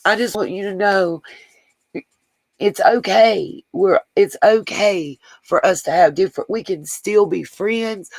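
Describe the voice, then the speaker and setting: A slightly mellow, mid-range male voice comes through a dry, rough recording. The livestream host reads viewers' comments out loud, chatting to them directly with affection and plenty of rambling.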